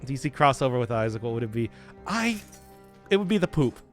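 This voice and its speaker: A man's voice: medium pitch, very animated, fairly quick, soft background music. A young man streaming a game, rambling casually, laughing often and swearing. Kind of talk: casual live gameplay commentary.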